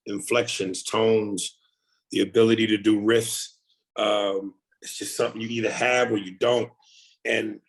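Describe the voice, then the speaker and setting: A comedian guest talking casually in an interview, animated and often repeating words while he thinks. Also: lowish voice, rough recording.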